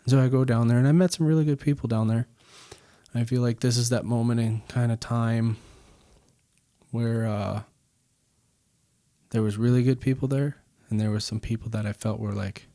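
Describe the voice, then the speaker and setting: A man's voice: medium pitch, steady tone, moderate pace, long pauses, dark tone, no echo. A man in his thirties, a podcast guest, telling a personal story in a rambling way with many fillers. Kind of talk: casual storytelling.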